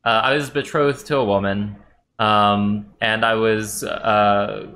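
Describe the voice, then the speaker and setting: A man voicing a frightened young man buried up to his head, speaking with a weak voice in halting, hesitant bursts. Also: fairly low pitch, fairly even intonation, pushed and bright, full character voice. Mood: pleading.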